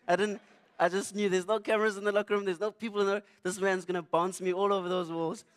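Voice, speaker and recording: A man's voice: high-pitched, fast. A young man, preaching through a funny personal story. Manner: animated, humorous, self-mocking.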